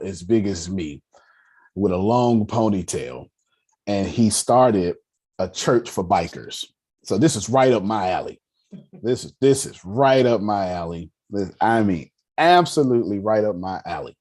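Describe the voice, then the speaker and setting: Male finance teacher in his thirties, low husky voice, emphatic storyteller who repeats lines to drive them home. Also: a little mellow. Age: 30s. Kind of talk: lively motivational lecture to a live audience.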